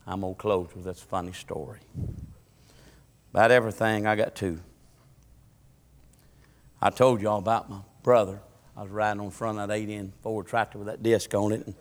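A man preaching a sermon, moving between shouted, fervent lines and folksy stories. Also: fairly low pitch. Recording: long hall reverb.

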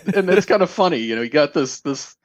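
A man's voice: a little high, lively intonation, fast, no room sound. A man co-hosting a podcast in casual chat, often stopping and restarting his sentences. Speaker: podcast co-host.

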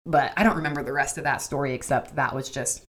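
A low-pitched woman in her twenties chats casually as a podcast co-host. She tells her stories animatedly and slips into the voices of the people she quotes. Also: quick pace, a bit bright. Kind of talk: casual storytelling chat.

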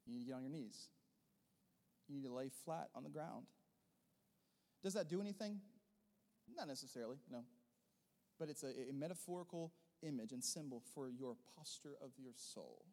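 A man preaching a sermon as a pastor, rising into loud emphatic bursts and then dropping into softer, quieter teaching. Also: medium pitch, expressive, normal speed, long pauses, long reverb tail.

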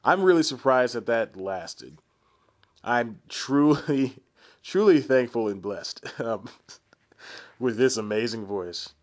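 A man's voice: medium pitch, animated, slow. A man in his twenties hosting a solo podcast, rambling and self-deprecating with frequent laughs and asides. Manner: chatty, frequent restarts and asides. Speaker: podcast host.

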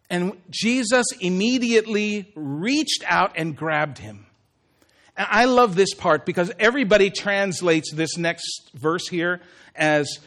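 Male pastor, high voice, animated conversational sermon delivery. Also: measured pace. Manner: animated, swings from soft to emphatic. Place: church.

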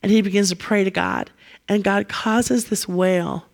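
A woman preaching a sermon, telling the story in a lively way and acting out the quotes. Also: medium pitch, moderate pace.

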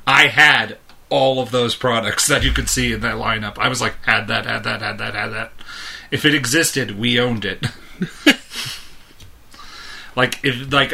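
A man's voice: medium pitch, pushed and bright. A man in his thirties, a podcast co-host, telling a long rambling story in casual chat and chuckling often.

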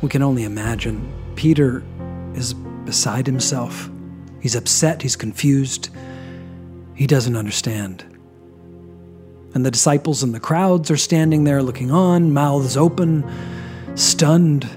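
Man, Bible teacher, scripted narration, medium pitch, dramatic pauses, faint music underneath. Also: a little mellow. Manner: dramatic pauses, drops to low emphasis.

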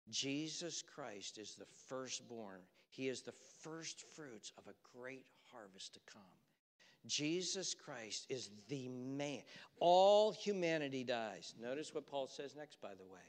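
A man preaching a sermon in a church, impassioned, moving between loud proclamation and hushed storytelling. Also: medium pitch, animated, slow. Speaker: pastor. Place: church sanctuary. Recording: long church reverb.

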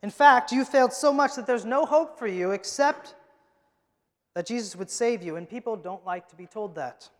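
Man, pastor, emphatic sermon, high voice, echoing church hall. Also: moderate pace. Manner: emphatic preaching, swings from loud to hushed. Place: church sanctuary. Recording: long hall reverb.

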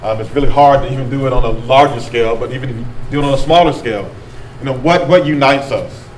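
A man's voice: medium pitch, fast. A man leading a discussion with an audience in a meeting room. He talks casually, often repeating back what people say. He is picked up from a distance in an echoey room with faint background hiss. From rural North Carolina. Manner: conversational, repeats and reflects back answers. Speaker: speaker leading a group workshop.

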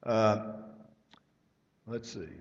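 Lo-fi preacher in a reverberant hall. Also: male voice, on the low side, steady tone, extremely slow. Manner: emphatic, rising in volume at key points. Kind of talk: sermon. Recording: lo-fi hall recording with long reverb.

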